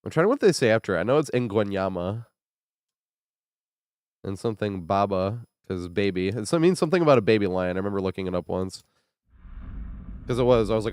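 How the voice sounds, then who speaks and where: A man's voice: fairly low pitch, lively intonation, a little fast, pauses often, a little mellow, smooth, no room sound, clean studio sound. A man streaming a video game, talking loosely and profanely with his viewers, his voice weak and congested from a cold. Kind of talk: casual livestream chat while gaming.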